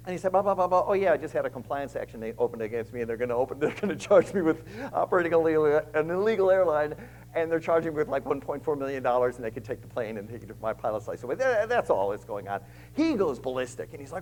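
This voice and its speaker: A man's voice: a little high, very animated, fast talker, a little mellow, a little hiss or hum, poor audio. A man, a guest speaker at a church, telling his story with animation and acting out the other people's lines. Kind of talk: storytelling testimony.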